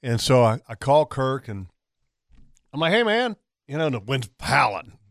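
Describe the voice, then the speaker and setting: A man's voice: medium pitch, big pitch swings, a little slow, fairly bright tone, dry recording, studio quality. A man hosting a radio talk show, chatting casually and talking over his co-host. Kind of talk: casual chat.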